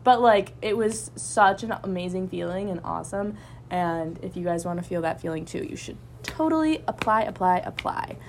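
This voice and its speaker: A young woman, a college student and student club member, telling a story in a casual podcast chat, animated and full of fillers. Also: fairly low pitch, moderate pace, slight background noise. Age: young adult.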